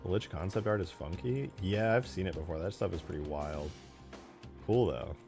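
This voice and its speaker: A man streaming as he builds a game mod, chatting casually while he works. He mutters quietly as he models, then bursts out loudly to thank viewers. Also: sits low, normal speed, music in the background.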